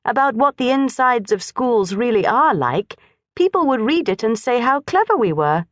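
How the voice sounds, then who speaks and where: A persistent young schoolgirl pipes up in a high, eager voice, as a woman puts her on for a storybook. Her tone jumps lively up and down, and she keeps pressing her point. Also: normal speed, no echo. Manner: persistent, hopeful.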